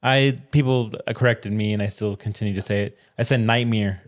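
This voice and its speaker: A man co-hosting a podcast in casual chat, dropping dry, deadpan quips. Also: on the low side, brisk. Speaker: podcast co-host.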